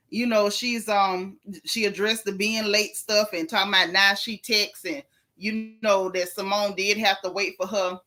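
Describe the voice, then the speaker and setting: A woman's voice: mid-range voice, sharp tone. A woman hosting a gossip vlog in casual chat, reading viewer comments aloud and answering them with sassy, blunt, teasing remarks.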